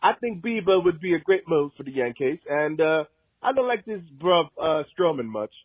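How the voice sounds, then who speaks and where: A man voicing a cheery young fan calling in, with brisk, chummy slang. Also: on the high side, very animated, no echo, pitched below the performer's own voice. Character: cheery young British male fan caller. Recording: dry, tinny phone-like sound.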